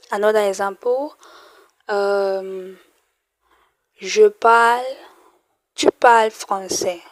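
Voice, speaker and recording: A young woman teaching beginner French online, slowly repeating example phrases and explaining with casual fillers. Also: medium pitch. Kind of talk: casual online language lesson.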